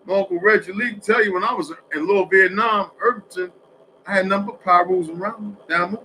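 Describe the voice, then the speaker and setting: A man's voice: sits high, quick pace, sharp tone, slight background noise, low-quality recording. A man in a casual, rambling monologue for social media, telling streetwise stories with lots of cursing. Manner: profane, rambling, streetwise storytelling.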